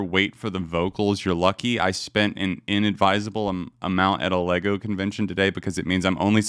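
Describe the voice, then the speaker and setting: A man's voice: deep voice, fairly bright tone, clear, resonant tone, no echo, studio quality. A man streaming live, reacting to songs with casual, swearing, disbelieving commentary and frequent laughter. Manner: incredulous, swearing, laughing often. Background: faint music playing.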